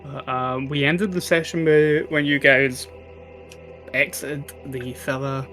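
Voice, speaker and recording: A man acting as game master, recapping the last session in a relaxed, hesitant way with many fillers. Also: medium pitch, slow, soft background music.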